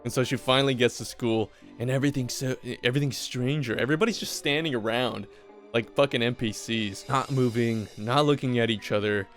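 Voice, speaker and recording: A man's voice: mid-range voice, brisk, soft background music. Casual, swearing male movie recapper. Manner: swearing, joking, animated.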